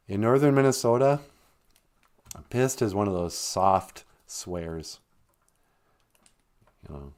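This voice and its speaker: A man in casual comedic chat, rambling through his opinions at an unhurried pace. His pitch swings widely as he jokes, giving the talk a lively, teasing feel. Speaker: podcast host.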